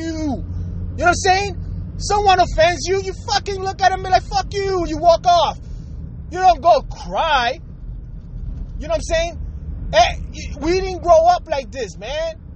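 High-voiced vlogger, furious profane rant, faint traffic behind. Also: a little mellow, low-quality recording. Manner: angry, emphatic, heavy swearing. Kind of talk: profane ranting monologue.

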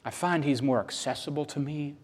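A man preaching a sermon, emphatic and repetitive, swinging between loud bursts and hushed lines. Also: a little high, fairly quick, breathy edge.

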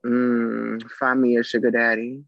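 A man from Trinidad and Tobago, a comedian chatting casually as a guest, animated and full of "you know". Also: mid-range voice, unhurried, creaky, no echo, lo-fi sound. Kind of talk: casual interview chat.

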